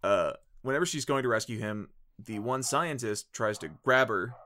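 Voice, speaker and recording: A man's voice: medium pitch, normal speed, pushed and bright. A man co-hosting a casual podcast, recapping a show in a rambling way with lots of fillers and restarts. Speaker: podcast co-host.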